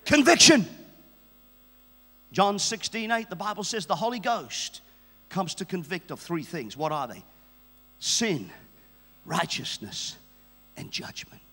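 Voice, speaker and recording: A man from England in his fifties preaches with fervour, driving home repeated phrases for the congregation to echo. His voice sits high and rings bright and forceful. The sound carries a long church-hall reverb over a faint electrical hum. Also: animated, measured pace, long pauses. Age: 50s. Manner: fervent, repetitive call-and-response preaching. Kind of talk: sermon.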